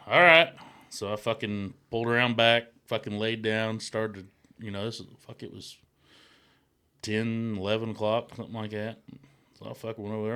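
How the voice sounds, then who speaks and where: Man, middle-aged, podcast co-host, casual storytelling, swears a lot, low-pitched, bright, crisp voice. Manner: profane, laughing storyteller. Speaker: podcast co-host, former truck driver.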